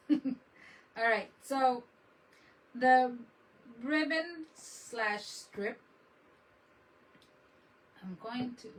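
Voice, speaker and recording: A woman's voice: mid-range voice, far from the mic, a little hiss or hum, low-quality recording. A woman chatting casually on a crafting livestream, laughing often and mixing Spanish words into her English.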